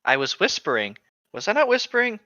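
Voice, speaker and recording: A man's voice: sits high, wildly swooping pitch, fairly quick, bright, forceful tone, dry recording, voice pushed up, heavily acted. A man voicing a sarcastic young woman who drives the group, speaking playfully. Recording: dry, dull lo-fi mic.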